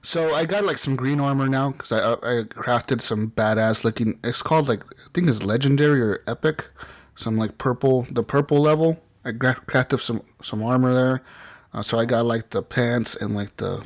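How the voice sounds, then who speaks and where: A man's voice: medium pitch, normal speed. A man hosting a podcast, chatting about video games in an enthusiastic, rambling way and swearing freely. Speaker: podcast host.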